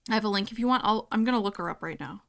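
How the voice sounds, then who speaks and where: A woman's voice: medium pitch, racing, vocal fry. A young woman streaming from home, chatting casually and reading chat aloud, giggling often.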